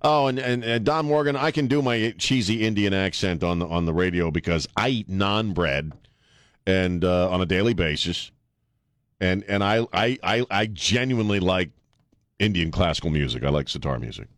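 A man's voice: deep voice, moderate pace, a bit bright, dry recording, clean studio sound. A man in his fifties hosting a talk radio show, blunt and casual, laughing often and repeating words as he goes. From Washington DC area. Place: radio studio. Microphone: studio mic.

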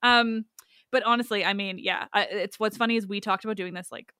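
A woman hosting a podcast in casual chat, talkative and quick to laugh, saying "like" a lot. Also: mid-range voice, fairly even intonation, pushed and bright, dry recording, clean studio sound. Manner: chatty, laughs often, says like a lot. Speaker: podcast host. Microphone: home podcast microphone.

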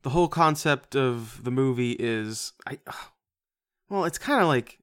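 A man's voice: medium pitch, expressive, slow, fairly bright tone, clean tone, no room sound, studio quality. A man co-hosting a casual movie-review podcast, profane and sarcastic, laughing often as he talks. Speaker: podcast co-host.

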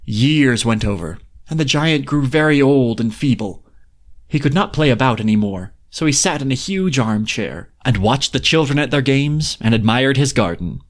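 A man reading a fairy tale aloud in an even, expressive way, then chatting casually as a podcast host. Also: mid-range voice, normal speed. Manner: even narration, chatty with restarts in talk.

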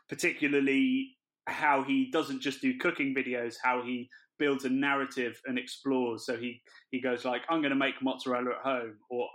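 Bright-voiced male podcast host. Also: mid-range voice. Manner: chatty, self-deprecating, laughs often. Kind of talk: casual podcast chat.

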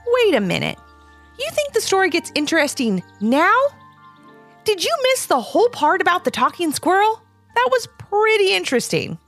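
A woman co-narrating a children's story, chatting playfully between the scenes. Her voice sits high and moves with an animated range. Faint music runs in the background. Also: moderate pace.

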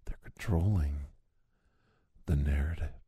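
A man's voice: rumbling low, measured pace, mellow, husky, no room sound, studio quality. A man in a rambling conspiracy-style comic monologue who keeps saying "see?" and drops into sudden whispers.

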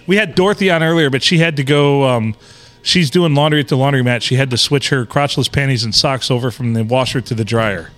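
A man's voice: mid-range voice, brisk, a bit bright. A man, co-hosting a podcast in crude, joking casual chat. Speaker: podcast co-host.

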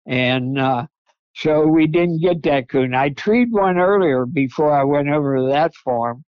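An older man tells long, rambling stories in a folksy way. His voice sits a little high. The sound is dry and somewhat muffled, with a lo-fi quality. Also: unhurried, smooth, no echo. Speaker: guest. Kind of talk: storytelling interview.

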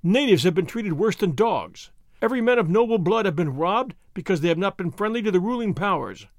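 A man voicing the proud leader of young noble horsemen, speaking sternly and forcefully. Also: high-pitched, animated, a little fast, no room sound, studio quality.

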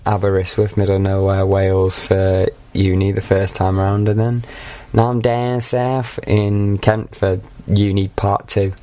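A man's voice: lowish voice, flat delivery, measured pace, hardly any pauses, dark tone. A man in his twenties with a Mancunian accent, a podcast guest chatting casually and joking at his own expense. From Manchester, England. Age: 20s. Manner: joking, self-mocking, laughs often. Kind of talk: casual chat.

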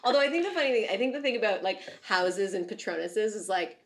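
A woman's voice: medium pitch, lively intonation, quick pace. A woman guest on a podcast, chatting in a bubbly, giggly way with lots of fillers. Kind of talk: casual podcast chat.

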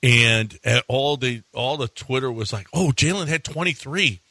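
A man co-hosting a sports talk show, firing quick, needling questions in casual chat. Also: mid-range voice, sharp tone, no echo. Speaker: sports radio co-host.

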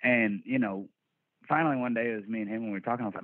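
A Texan man, a band musician guest, tells stories in a slow, laid-back drawl, rambling along and casually dropping swear words during a relaxed interview. His voice is a bit low. It comes through a tinny, narrow, phone-like remote line that's dry, with no room sound.

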